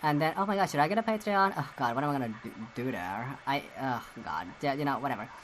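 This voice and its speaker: Low-voiced woman rambling crude gossip, giggles a lot, bit of faint hiss behind. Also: lively intonation, fast talker, low-quality recording. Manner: crude, giggly, rambling with many fillers and restarts. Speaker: podcast host. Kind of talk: rambling solo commentary on celebrity gossip.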